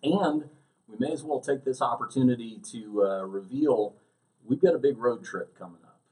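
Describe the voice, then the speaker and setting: A man's voice: medium pitch, normal speed, warm tone, low-quality recording. A man hosting a podcast, chatting casually and running through show announcements. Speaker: podcast host.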